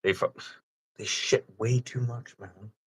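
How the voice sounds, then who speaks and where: A man's voice: mid-range voice, fairly even intonation, measured pace, a bit bright, breathy edge, no room sound, rough recording. A man hosting a live stream, ranting in a crude, profane, exasperated way.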